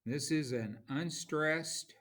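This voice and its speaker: A man teaching a class, explaining terms slowly and reading out examples with marked stress. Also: on the high side, a bit bright. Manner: slow, explanatory, reads examples aloud with stress. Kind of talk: classroom lecture.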